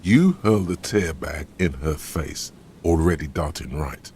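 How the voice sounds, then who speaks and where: A male voice actor narrating a video game as a grave, measured inner voice describing the scene. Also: a bass voice, slight background noise. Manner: calm, descriptive, commanding.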